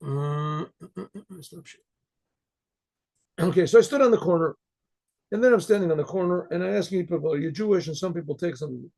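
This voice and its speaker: A man with a gravelly, husky voice and a dark tone, pitched a little high for a man. He tells his story in a rambling, animated way, often restarting his sentences. The sound comes through a computer mic on a video call. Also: a little fast, long pauses. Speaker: rabbi. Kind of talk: storytelling talk.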